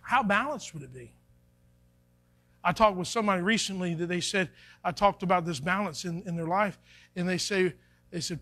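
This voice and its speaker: A man's voice: sits high, moderate pace, long pauses, a bit bright. A man preaching a sermon to his congregation in a folksy, conversational way, acting out little quotes. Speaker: pastor. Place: church sanctuary. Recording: faint music behind, church live stream.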